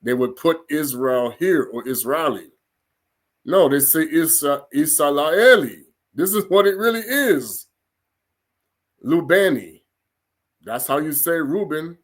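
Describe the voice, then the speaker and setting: A man's voice: on the high side, moderate pace. A man giving an informal scripture lesson, sounding out foreign words syllable by syllable and breaking into chatty, laughing asides. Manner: laughs and gets animated in asides. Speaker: religious teacher.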